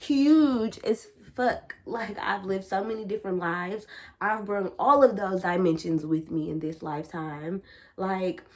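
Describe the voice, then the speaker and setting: Young woman vlogging, casual spiritual talk, blunt and sweary, lots of slang, animated. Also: fairly low pitch, moderate pace. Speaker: vlogger and tarot reader. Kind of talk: casual spiritual chat to camera.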